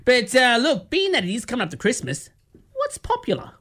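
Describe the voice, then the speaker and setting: A man's voice: extremely high pitch, huge pitch swings, brisk, fairly bright tone. A middle-aged man with an Australian accent hosting a radio show, reading sponsors playfully and laughing often. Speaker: radio host. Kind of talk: lively radio chat with sponsor reads.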